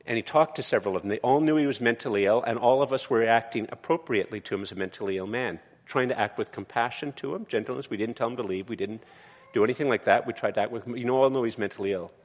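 A man's voice: medium pitch, quick pace, big-room sound. A man, a pastor, preaching a conversational sermon in a church, with frequent restarts and asides.

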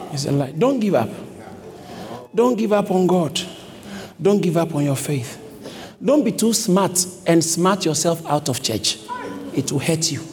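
Preaching man in an echoing church. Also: on the high side. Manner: repetitive exhortation, rising to shouts. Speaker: pastor. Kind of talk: sermon. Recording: long hall reverb, faint background noise.

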